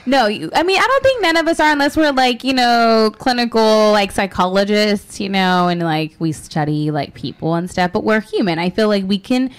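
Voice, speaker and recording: A young woman hosting a radio talk show, chatting casually and fast with a lot of fillers and giggles. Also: mid-range voice, animated, clean tone.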